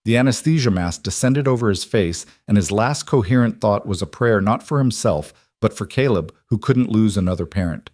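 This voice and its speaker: Man, story narrator, lowish voice, dry close sound, steady dramatic reading. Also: normal speed, hardly any pauses, dry recording.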